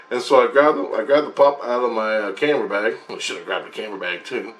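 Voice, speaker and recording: Rambling man recounting a dream. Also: mid-range voice. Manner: rambling, halting storytelling with many restarts. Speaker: channel host sharing spiritual experiences. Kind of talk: casual spoken recounting of a dream.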